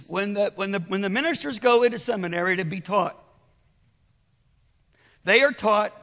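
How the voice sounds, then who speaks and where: A man's voice: high-pitched, pushed and bright, long reverb tail. An older man preaching a sermon in a conversational, persuasive way, telling his own story and restarting his words often.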